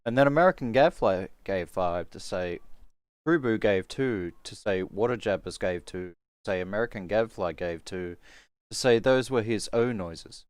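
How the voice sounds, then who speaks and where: A man's voice: sits low, moderate pace, smooth, no room sound. A man co-running a casual live stream, reading donations and judging with dry humor. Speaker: show host and judge.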